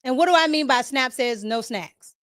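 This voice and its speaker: A woman's voice: high voice, normal speed, fairly bright tone. A woman with a Washington D.C. accent hosting a live podcast, chatting casually, greeting viewers by name and laughing often. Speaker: podcast host. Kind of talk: casual livestream chat.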